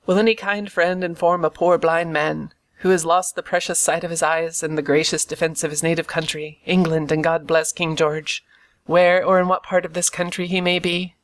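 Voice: mid-range voice, little pitch movement, normal speed, natural voice. An audiobook reader voicing a cruel, sinister blind old beggar in a wheedling sing-song that turns to a cold sneer. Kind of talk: audiobook character reading.

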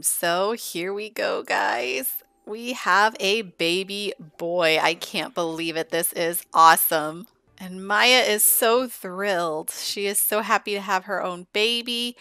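A woman's voice: mid-range voice, slow pace, creaky, dry recording. A woman giving casual, gushing commentary while playing a life-sim game. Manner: chatty, gushing and excitable. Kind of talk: casual let's-play commentary.

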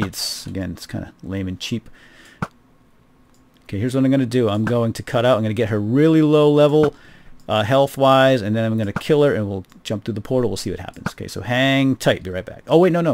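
A man's voice: lowish voice, quick pace, creaky, a little mellow, slight background noise. A middle-aged man giving casual, wry gameplay commentary, chatting to viewers as he plays. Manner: chatty, wry, talks to viewers while playing. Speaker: gaming video host.

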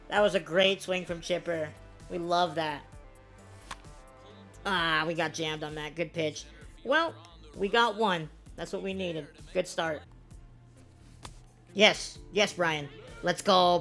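Excitable woman calling her own game. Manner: excitable, yelling reactions between low-key play-by-play. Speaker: gaming video creator. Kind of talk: casual live game commentary.

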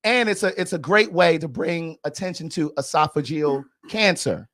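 Sassy guy hosting a podcast, talking blunt casual gossip, kinda high voice. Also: moderate pace, a bit bright. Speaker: podcast host. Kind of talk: casual commentary on reality TV.

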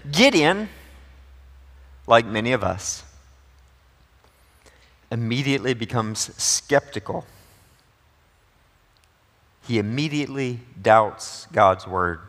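A man's voice: a little high, lively intonation, slow, long pauses, fairly bright tone. A male pastor preaching a sermon in a conversational, joking way, with a long church reverb. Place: church sanctuary.

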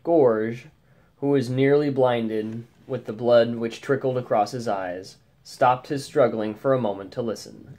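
A man narrating a short story in a measured, deliberate reading. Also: medium pitch, mellow.

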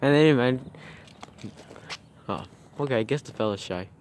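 A man's voice: mid-range voice, normal speed, a little mellow. A man vlogging casually outdoors near a street, chatting and talking in playful baby talk to a dog. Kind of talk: casual vlog chat.

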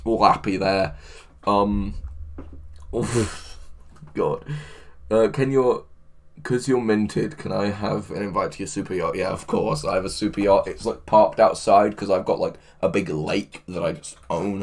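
Excitable man on a livestream. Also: fairly low pitch, a little slow. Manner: excitable, laughing, swears a lot. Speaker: livestreamer reading chat. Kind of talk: casual livestream chat.

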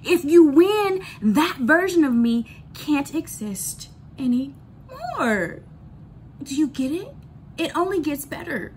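A woman's voice: high-pitched, expressive, slow pace, slight background noise. A woman ranting bluntly in a candid storytime vlog, swearing freely and repeating lines for emphasis. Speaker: vlogger.

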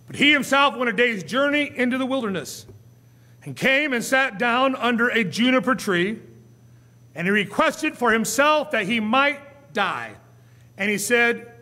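A pastor preaching in a church with a very high voice for a man. He swings from soft, low asides to loud, rising appeals, now and then slipping into a whiny put-on voice to act out a complaint. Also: lively intonation, a little slow, in a large hall. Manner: preaching with sudden rises and drops in loudness, acting out whiny quotes. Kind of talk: sermon. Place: church sanctuary.

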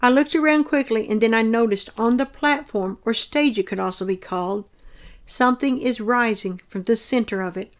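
A woman reads her dream account aloud in an earnest, measured, descriptive manner. Her voice sits somewhat high for a woman.

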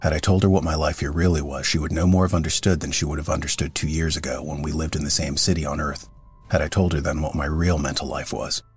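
A man narrating a classic story as an audiobook, in a measured, earnest reading. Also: a bass voice, flat delivery, slightly rough, soft background music.

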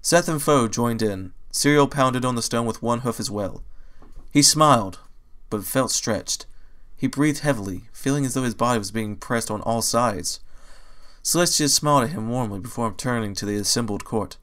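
A man narrates a fan-written story at an even, medium pitch. His reading is steady and plain, an amateur audiobook. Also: moderate pace. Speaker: audiobook reader. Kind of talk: fan fiction read aloud.

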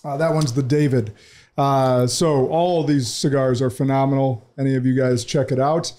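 A man's voice: medium pitch, fairly even intonation, normal speed, mellow. A man hosting a podcast in a studio, talking casually, emphatic and opinionated. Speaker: podcast host.

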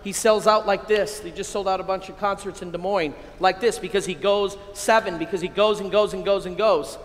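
A middle-aged American priest giving an excitable, energetic keynote talk to a men's conference, with sudden loud bursts. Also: male voice, high-pitched, a little fast. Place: large hall at a conference. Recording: echoey hall, long reverb.

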